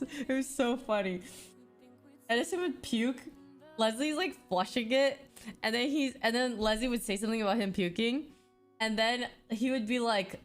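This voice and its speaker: Woman, casual storyteller, animated and giggly, plenty of fillers; faint music behind. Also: on the high side. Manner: animated, laughing, lots of "like".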